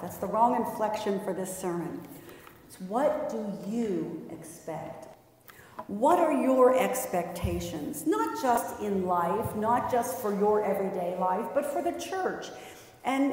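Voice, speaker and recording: A woman's voice: mid-range voice, a little mellow. A woman pastor delivering a sermon in a conversational, lightly humorous storytelling way. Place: church sanctuary. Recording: echoey church hall.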